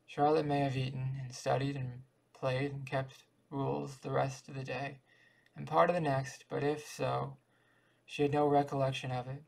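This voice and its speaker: A man reading a short story aloud in a steady, even way. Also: medium pitch, moderate pace, rough recording. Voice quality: gravelly. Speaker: audiobook reader.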